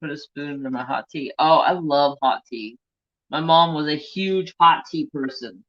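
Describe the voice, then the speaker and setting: A man's voice: fairly high pitch, unhurried, a bit bright. A man from the United States hosting a crafting channel, chatting casually on a live stream, telling stories and reading out viewer comments. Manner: chatty storyteller, reads viewer comments aloud. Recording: dull lo-fi sound.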